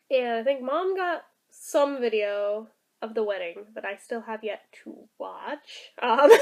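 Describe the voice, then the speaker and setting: A woman vlogger in casual, chatty talk, emotional and sprinkled with "like" and "um". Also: high voice. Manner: chatty and emotional, many fillers like "like" and "um". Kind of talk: casual vlog chat.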